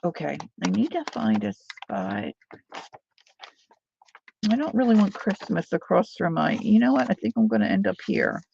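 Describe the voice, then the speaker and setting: A woman's voice: mid-range voice, wildly swooping pitch, moderate pace, gravelly, warm tone, muffled recording, slight background noise. A woman hosting a live crafting stream, chatting casually and thinking aloud while she works, with playful sound-words. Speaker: crafting livestream host.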